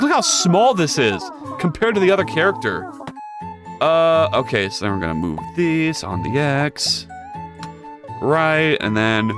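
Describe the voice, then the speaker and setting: A lively, chatty livestreamer. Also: medium pitch, slow, music in the background. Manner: chatty, jokey, reads chat aloud and answers it; rambling with frequent restarts and repeated words. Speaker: streamer and game developer. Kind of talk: casual livestream chat while 3D modeling.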